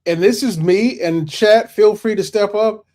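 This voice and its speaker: A man's voice: high voice, measured pace, dark tone. A man co-hosting a wrestling podcast, talking casually in rambling runs with repeated restarts. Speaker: podcast co-host. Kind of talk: casual wrestling debate chat.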